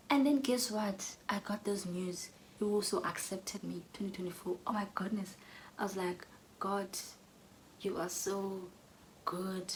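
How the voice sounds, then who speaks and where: A young woman telling an earnest personal story, often dropping to a soft whisper. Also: mid-range voice, creaky, slight background noise, low-quality recording. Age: young adult. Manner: earnest, drops to soft whispers when emotional.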